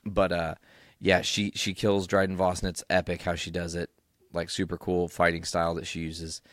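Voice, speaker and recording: Low-voiced excitable podcast host, man. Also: moderate pace, no echo. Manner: excited, rambling, swears freely. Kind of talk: casual solo recap.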